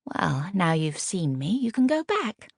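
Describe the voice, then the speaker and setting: A woman voicing a cold, haughty young upper-class wife who gives curt, commanding orders, in a low, gravelly voice. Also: very animated, unhurried, no room sound, clean studio sound, exaggerated voice.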